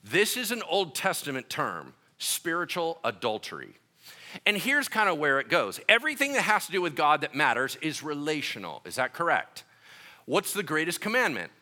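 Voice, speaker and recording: Animated, bright-voiced man preaching. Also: a little high, moderate pace. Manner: animated, joking storyteller with voiced asides. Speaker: pastor. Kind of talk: sermon.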